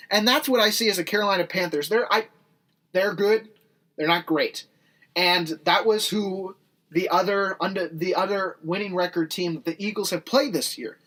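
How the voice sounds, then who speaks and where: A man's voice: high voice, a bit bright. A man co-hosting a sports podcast, ranting hard and a bit out of breath. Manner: fast, indignant ranting. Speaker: podcast co-host. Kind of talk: heated sports rant.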